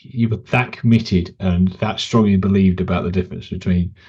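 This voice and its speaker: Husky low-voiced male host. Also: steady tone, moderate pace, a little mellow. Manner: rambling questions, hesitant, laughs easily. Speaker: podcast host. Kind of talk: conversational interviewing. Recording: dull lo-fi sound.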